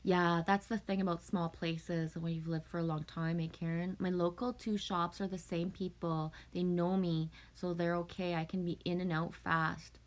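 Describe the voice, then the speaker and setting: A woman's voice: lowish voice, level tone, moderate pace, hardly any pauses. A middle-aged woman from Canada chatting casually with viewers, telling stories, swearing freely and laughing often. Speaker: livestream host.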